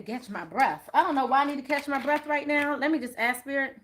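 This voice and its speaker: A woman hosting a spiritual card-reading live stream. She chats casually with her viewers, calls them y'all, and gets animated and louder on the points she stresses. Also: sits high, fairly quick. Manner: chatty and animated, rising louder on emphasis.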